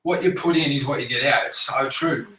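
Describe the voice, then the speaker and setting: An Australian man talks straight to a group in a casual, motivational way, swearing freely and acting out what others say. His voice sits at an ordinary middle pitch. It comes from some way off the mic in an echoey room, with faint noise behind. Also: brisk, bright, forceful tone, far from the mic. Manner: blunt, swears a lot, acts out others' voices. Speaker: speaker at a business group meeting.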